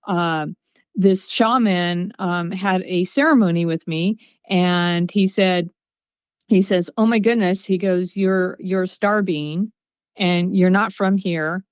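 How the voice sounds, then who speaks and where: A woman's voice: lowish voice, fairly even intonation, slow pace, clear, resonant tone, no room sound, muffled recording. Upbeat woman guest telling stories. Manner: upbeat, laughs between stories. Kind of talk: casual storytelling.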